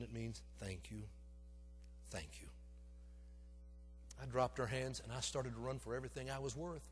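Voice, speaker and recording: Preacher man, big reverberant church. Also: medium pitch. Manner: dramatic storyteller, swinging from loud urgency to hushed intimacy. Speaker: pastor. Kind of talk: sermon storytelling. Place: church sanctuary.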